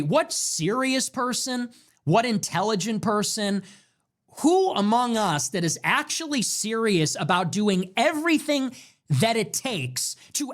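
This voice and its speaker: A man's voice: very high voice, a bit bright. A man delivering a heated, sarcastic political rant as a commentator, firing off rhetorical questions and curses.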